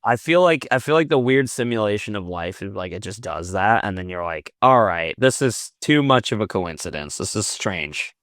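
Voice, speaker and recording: Animated man telling stories with bursts of swearing. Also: on the low side, moderate pace, hardly any pauses, no room sound, clean studio sound. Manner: animated, swearing, acts out quoted exchanges. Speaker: podcast guest, metal vocalist. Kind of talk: casual storytelling chat. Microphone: video call.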